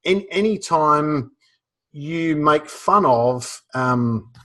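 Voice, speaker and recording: A man with an Australian accent giving casual advice on humor, relaxed, with many fillers and restarts. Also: on the high side, very slow. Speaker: guest speaker on humor.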